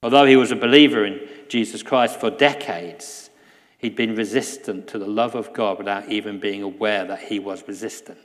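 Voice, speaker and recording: A man preaching a sermon in a church, earnest, often dropping to a soft hush. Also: lowish voice, fairly even intonation, moderate pace, in a large hall. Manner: earnest, drops to a soft hush at key lines. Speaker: guest preacher.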